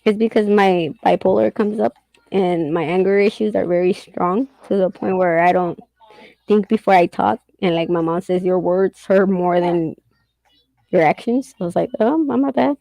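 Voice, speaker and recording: A middle-aged woman hosts a casual chat, talking candidly and swearing and laughing often. Her voice sits on the low side with a warm tone, and the recording is rough but has no echo.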